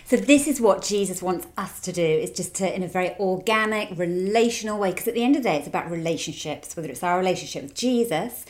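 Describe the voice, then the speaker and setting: A woman with a somewhat low voice, speaking in a relaxed, conversational teaching manner with small restarts. She is from England and was recorded outdoors at her home. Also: fast, few pauses. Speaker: guest speaker. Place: outdoors at their home, front yard.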